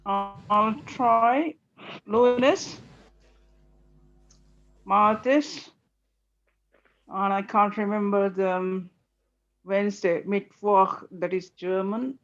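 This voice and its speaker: Student slowly reciting spanish words, unsure, muffled video call sound. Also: medium pitch, steady tone. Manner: hesitant, slow, self-correcting. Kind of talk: online language class.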